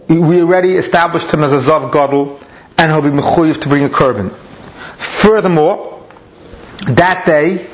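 A man's voice: fairly high pitch, slight background noise. A man teaching a Talmud lesson, explaining each step and weaving in Hebrew and Aramaic terms. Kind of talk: Talmud lecture. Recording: dull lo-fi recording.

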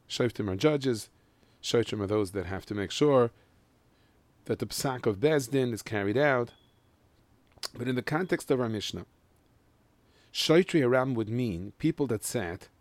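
A man teaching a Mishnah lesson in Yeshivish English with Ashkenazi Hebrew, explaining each line and chanting the Hebrew text slowly. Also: medium pitch, darkish tone, no room sound. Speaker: Torah teacher.

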